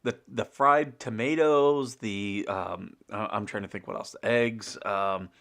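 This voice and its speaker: A man's voice: fairly low pitch, unhurried, creaky, a bit bright. A middle-aged man from the US, hosting a casual morning livestream, rambling with fillers and frequent chuckles. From United States. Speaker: show host.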